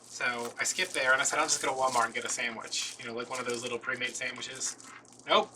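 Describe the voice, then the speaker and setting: Man, rambling casual chat, very bright voice, distant mic, faint background noise. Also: mid-range voice, flat delivery, fast. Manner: chatty, self-deprecating storytelling. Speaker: craft video host.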